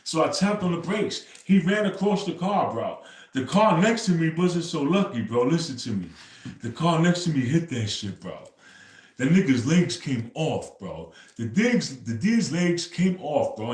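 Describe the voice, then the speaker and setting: Male livestream host, easygoing chatter, ends phrases with "bro", mid-pitched, echoey room. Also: darkish tone. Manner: loose storytelling, says "bro" after nearly every phrase. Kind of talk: casual livestream chat.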